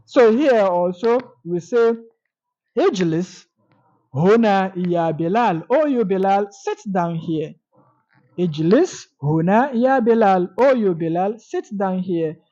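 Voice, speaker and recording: A woman's voice: medium pitch, lively intonation, warm tone, muffled recording. Woman patiently teaching Arabic grammar. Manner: slow, repeats each example with translation. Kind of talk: explaining grammar lesson.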